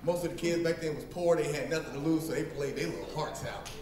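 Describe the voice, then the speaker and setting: A man from Middletown, Ohio doing open-mic stand-up in a small bar, telling profane, animated stories with shouted asides to the crowd, recorded on a phone set down near the stage. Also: fairly high pitch, fast. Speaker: stand-up comedian. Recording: roomy bar recorded from far off, faint noise.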